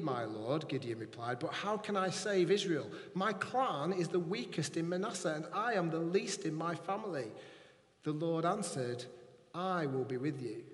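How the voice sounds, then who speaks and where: A man preaching a sermon, reading scripture aloud and then repeating key lines softly for emphasis. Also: a little high. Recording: echoey hall with long reverb.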